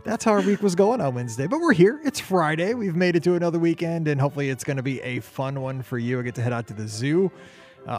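A man's voice: medium pitch, darkish tone. A man hosting a podcast, chatting casually and joking with his co-hosts. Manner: upbeat, joking, quick asides. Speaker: podcast host.

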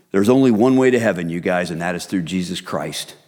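A middle-aged man preaching a sermon as pastor, in a relaxed, conversational way that speaks to listeners as "you guys". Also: sits low. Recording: reverberant hall.

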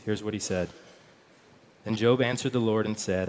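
A man's voice: on the low side, steady tone, moderate pace, slight background noise. A man preaching a sermon, speaking conversationally and reading scripture aloud. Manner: conversational, repeats words, reads scripture aloud. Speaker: pastor.

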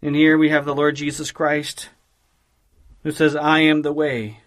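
Measured, emphatic male preacher. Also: a little high, completely flat delivery, a bit bright. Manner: measured, emphatic, slows down on key phrases. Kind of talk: devotional sermon.

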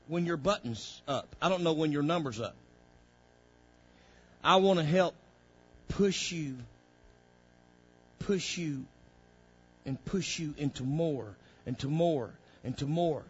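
A pastor preaches to his congregation in a fairly high voice, asking questions of the people in the pews and building into fervent, shouted stretches. The recording is dull and lo-fi, like an old church tape. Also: unhurried, pauses often, slightly rough. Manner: preaching with call-outs to the congregation, rising to loud fervor. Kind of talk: sermon.

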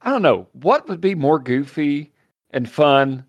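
Gravelly-voiced man hosting casual chat. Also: on the high side, sing-song, measured pace, no echo, highs cut off. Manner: friendly, rambling.

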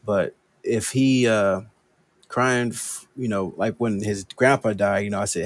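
A man's voice: on the low side, steady tone, a little slow. A man in his thirties from Los Angeles chatting casually as a podcast co-host, candid and confessional, often saying "man". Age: 30s. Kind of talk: casual chat.

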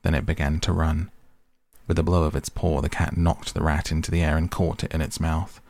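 A man reading a story aloud in a measured, steady narration with a gravelly, husky voice. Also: a bass voice, no echo. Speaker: audiobook narrator. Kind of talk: scripted narration.

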